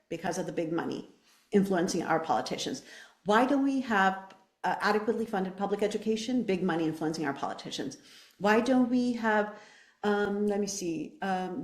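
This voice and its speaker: A woman's voice: medium pitch, expressive, fairly quick, echoey room. A woman running for office, answering interview questions with passion and emphatic rhetorical questions. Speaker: political candidate.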